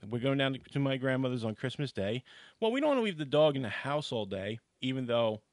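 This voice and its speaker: A man from New York telling a long, animated childhood story in casual chat on a podcast. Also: mid-range voice, a little fast, dry recording. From New York, USA.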